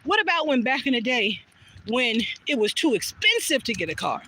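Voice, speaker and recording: A woman's voice: fairly high pitch, sing-song, normal speed, pushed and bright, low-quality recording. A woman telling a casual story while out on a walk, chatty and swearing freely as she acts out what people said, into a phone she holds as she walks. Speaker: vlogger. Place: outdoors on a walking trail. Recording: outdoor noise behind voice.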